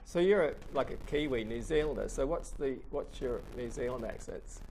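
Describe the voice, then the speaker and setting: A man's voice: mid-range voice, moderate pace, a little mellow, a little hiss or hum, low-quality recording. A man asking an interviewee short, casual questions.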